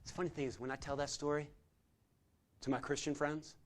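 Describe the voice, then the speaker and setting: A middle-aged man, a secular humanist chaplain, telling stories in a sermon-style talk to a community gathering, swinging from loud to quiet. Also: fairly high pitch, a little fast. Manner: animated storyteller who swings from loud chanting to quiet intensity.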